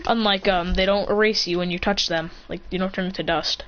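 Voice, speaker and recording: A woman's voice: on the low side, fairly even intonation, brisk, a bit bright, slight background noise. A woman casually telling an improvised story, rambling and correcting herself as she goes. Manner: rambling, with many fillers and self-corrections. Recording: dull lo-fi recording.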